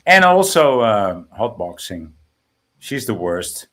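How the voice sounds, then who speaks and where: A man co-hosting a stream in casual chat, animated and laughing. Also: on the low side, takes it slowly.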